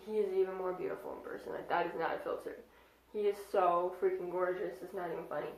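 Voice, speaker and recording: A young woman in her twenties telling a casual storytime vlog, chatty and excitable with lots of fillers. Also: fairly low pitch, fast. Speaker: vlogger. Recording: echoey room.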